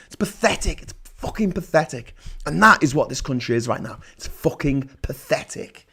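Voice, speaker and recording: A man hosting a political livestream, reading chat messages and ranting sarcastically, swinging between loud outbursts and low muttering. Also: expressive, moderate pace, creaky, slightly rough. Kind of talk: ranting live-stream commentary reading chat.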